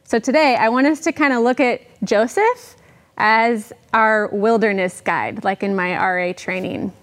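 A woman's voice: a little high, measured pace. Woman preaching a conversational sermon. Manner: conversational, reads scripture aloud.

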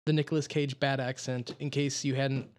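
A man's voice: mid-range voice, little pitch movement, moderate pace. A man joking sarcastically about a movie on a podcast, swearing casually. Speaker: podcast co-host.

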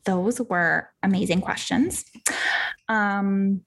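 A woman's voice: medium pitch, takes it slowly, gravelly, a little hiss or hum. A bubbly young woman chatting casually as a podcast co-host, with lots of "like" and "um". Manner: bubbly, filler-heavy. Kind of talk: casual chat.

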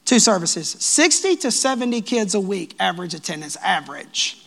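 A man preaching a sermon as pastor of his church, lively and joking with the congregation. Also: high voice, moderate pace, creaky. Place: church sanctuary.

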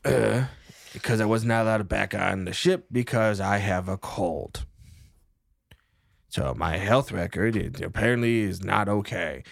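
A man's voice: on the low side, measured pace, gravelly, no room sound. A man voicing an overly polite, stranded male medic with a cold who rambles and sniffles. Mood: rambling.

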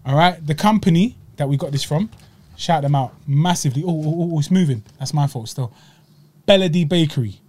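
Slangy man, slightly high voice. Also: fairly quick. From Egypt. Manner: chatty, slangy, animated. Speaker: podcast host. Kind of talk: casual chat, food review.

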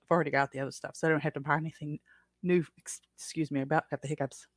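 A woman's voice: deep voice, steady tone, rapid-fire, no echo, clean studio sound. A woman hosting a casual livestream chat, rambling along with frequent self-corrections and small laughs. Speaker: podcast host.

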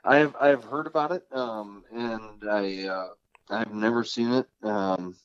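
A man's voice: lowish voice, a little slow, clean tone, dry recording. Laid-back man on a muffled track. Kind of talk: casual chat. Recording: dull lo-fi sound.

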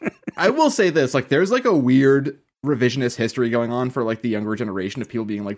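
Animated man riffing casually on a podcast. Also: medium pitch, fast talker. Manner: animated, profane, quotes films in silly voices. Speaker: podcast co-host. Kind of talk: casual chat.

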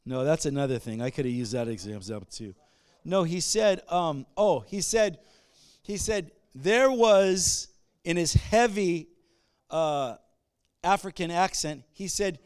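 A male pastor giving a sermon, moving between conversational asides and loud call-and-response bursts. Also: on the high side, unhurried, clean tone.

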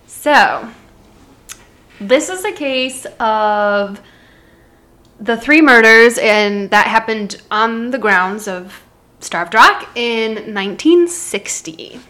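A woman's voice: fairly high pitch, animated, extremely slow, bright, forceful tone. A woman from Illinois, co-hosting a podcast, who tells a true-crime story in a chatty, casual way and laughs easily. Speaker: podcast co-host.

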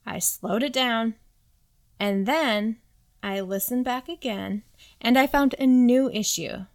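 A woman's voice: a little high, takes it slowly. A woman in her thirties hosting her own podcast, talking candidly and self-deprecatingly on a desktop microphone, full of "like" and "you know what". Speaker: podcast host. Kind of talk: solo podcast monologue. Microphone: desktop USB mic.

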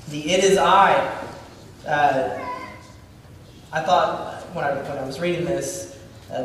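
A man leading an informal Bible teaching, speaking conversationally with many fillers and restarts. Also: a little high. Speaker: Bible study leader. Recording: distant mic in an echoey hall, faint room noise.

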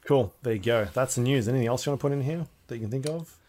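A man hosting a casual podcast in a relaxed, easygoing way. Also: mid-range voice, rapid-fire. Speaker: podcast host.

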